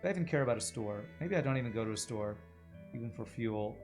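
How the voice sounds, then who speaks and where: A man's voice: mid-range voice, animated, fast talker, over music. A man streaming a video game, chatting casually with viewers and musing aloud about voices and accents as he plays. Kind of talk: casual gaming livestream chat.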